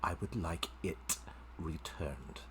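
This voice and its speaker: A man's voice: low voice, a bit bright, a little hiss or hum. Man putting on an icy, haughty noblewoman. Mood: cold. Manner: icy, condescending, measured. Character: cold, haughty noblewoman demanding her property.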